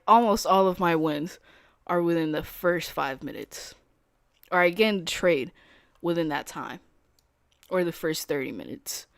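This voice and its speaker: A woman's voice: fairly low pitch, dry recording. A young adult woman streaming as a day trader, talking casually in slangy speech, laughing easily and explaining her setups.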